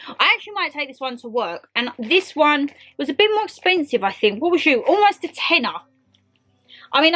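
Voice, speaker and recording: A young British woman chatting excitedly to viewers and to her clothes in a casual haul video. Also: sits high. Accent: British English. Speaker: vlogger. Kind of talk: casual try-on haul chat.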